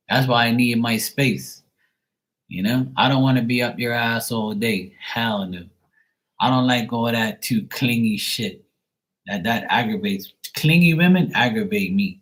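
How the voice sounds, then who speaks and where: A man's voice: on the low side, normal speed, a bit bright, rough recording. A middle-aged man talking casually and profanely on a late-night livestream, blunt and rambling. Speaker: livestream tarot reader.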